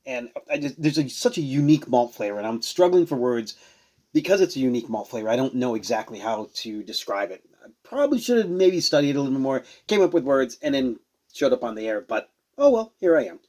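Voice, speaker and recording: A man's voice: medium pitch, big pitch swings, brisk, warm tone. A man casually reviewing and tasting beers on a show he hosts, rambling and searching for words as he goes. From Rhode Island. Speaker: beer reviewer.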